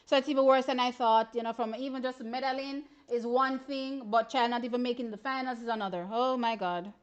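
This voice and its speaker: A woman chats through a casual livestream, reacting to sprint races in an animated, exclamatory way. Her voice sits high. She keeps turning to her viewers as she talks. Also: brisk, lo-fi sound. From Jamaica. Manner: animated, exclamatory, often says "child". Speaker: livestream host. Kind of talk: casual live-stream sports commentary.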